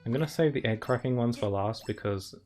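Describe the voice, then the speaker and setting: Over faint game music, a streamer with a brisk, slightly mellow mid-range voice rambles through chatty let's-play commentary. He laughs a lot and fills his talk with "like."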